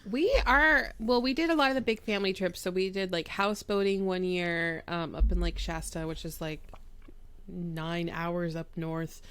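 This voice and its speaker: A woman co-hosting a podcast, chatting and asking questions in a relaxed, rambling way. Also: fairly low pitch, moderate pace, clear, resonant tone. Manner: chatty, many fillers and restarts. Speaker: podcast co-host. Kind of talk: casual chat.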